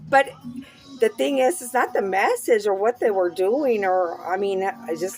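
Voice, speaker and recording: A woman talking candidly to camera in a rambling, profane way, swinging from mumbles to loud outbursts. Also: mid-range voice, expressive, a little slow, soft background music. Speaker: vlogger.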